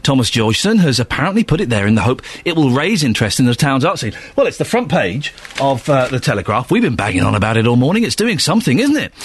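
A man presenting a local radio show, chatting between callers and reports in a lively, teasing way. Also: medium pitch, quick pace, few pauses, breathy edge, no echo. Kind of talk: local radio phone-in and news chat.

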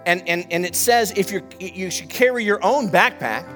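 Animated preaching man, fairly high voice. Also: normal speed, faint music behind. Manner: animated preaching with rising emphasis. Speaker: pastor. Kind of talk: sermon. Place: church.

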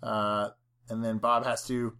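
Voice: medium pitch, flat delivery, takes it slowly, a bit bright, smooth. A podcast co-host in a casual film discussion, chatting and recounting the plot with quoted lines.

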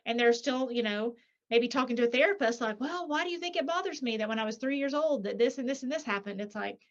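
Lively high-voiced woman author. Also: fast, lo-fi sound. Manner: lively, acts out quoted voices, many rhetorical "right?"s. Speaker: author and guest. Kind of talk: animated interview talk.

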